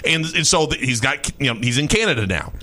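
A man hosting a talk radio show, telling a strange story in an animated, mocking way and often repeating his words. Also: mid-range voice, quick pace. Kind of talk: casual storytelling chat.

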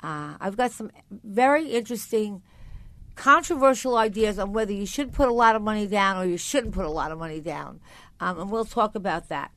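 A woman's voice: medium pitch, a little fast, fairly bright tone, no echo. An older woman hosting a radio talk show, chatty and rambling, often correcting herself mid-sentence. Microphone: studio mic.

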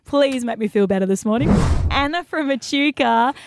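A woman's voice: on the high side, normal speed, dry recording. A young woman hosting a radio show, telling stories in a chatty, casual way. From Australia. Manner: chatty storytelling with laughs. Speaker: radio host.

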